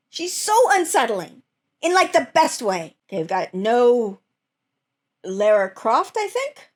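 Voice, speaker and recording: Giggly woman host reacting to memes, kinda high voice, chatty and animated. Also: measured pace. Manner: giggly, animated, often breaks into laughter. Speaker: host reviewing fan memes. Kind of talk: casual reaction chat.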